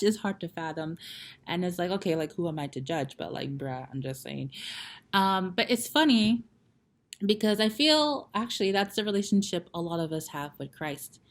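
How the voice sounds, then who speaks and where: A young woman vlogger in casual storytelling, chatty with many fillers, acting out the people she quotes. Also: on the low side. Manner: chatty, lots of fillers, retells scenes in quoted voices.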